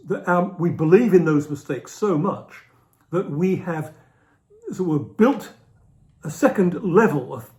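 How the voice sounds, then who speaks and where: A middle-aged man delivers an unscripted lecture in a voice pitched a little above the usual. He thinks aloud as he goes, circling back to repeat key phrases for emphasis. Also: darkish tone. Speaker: philosophy lecturer.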